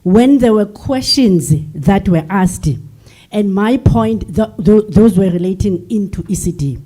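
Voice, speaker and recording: An older South African woman delegate gives a heartfelt, emotional floor speech in a big conference hall, going back over the same points. She speaks unhurriedly in a mid-range voice that is dark and husky.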